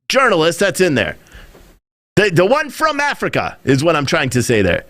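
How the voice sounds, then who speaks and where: A man's voice: a little high, huge pitch swings, moderate pace, a bit bright, dry recording, studio quality. A man hosting a podcast, giving rambling, opinionated commentary and mimicking other people when he quotes them. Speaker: podcast host.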